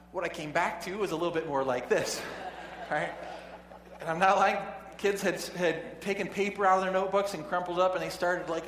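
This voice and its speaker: In an echoey hall with a faint hum, a preacher with a high-pitched, slightly bright voice gives a sermon built around storytelling. His manner is conversational, full of chuckling asides and frequent restarts.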